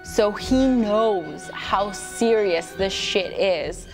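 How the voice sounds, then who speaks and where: A woman's voice: mid-range voice, expressive, extremely slow, faint music behind. A tipsy woman hosting a comic movie recap, rambling and profane, with laughing asides. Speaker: host.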